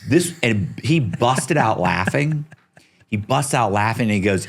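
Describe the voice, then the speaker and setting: A man's voice: medium pitch, big pitch swings, unhurried, husky. A middle-aged man telling a story as a podcast guest, acting out the people he quotes and swearing casually.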